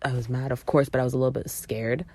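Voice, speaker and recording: A woman's voice: extremely low pitch, flat delivery, fast, mellow, no echo. A young adult woman hosting a podcast, telling a story in a casual, emphatic way, swearing freely and acting out what people said. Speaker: podcast host.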